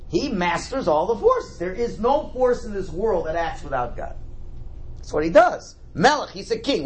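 Teaching a class on a prayer text, a religious teacher speaks in a high, slightly rough voice. He stays animated, asking and answering his own questions, with words often repeated as he explains.

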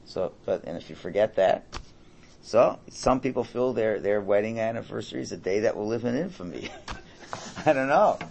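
A man's voice: fairly low pitch, animated, moderate pace, gravelly, darkish tone, a little hiss or hum. A middle-aged man teaching a religious class. He translates a Hebrew text aloud in a conversational, jokey way, with many restarts.

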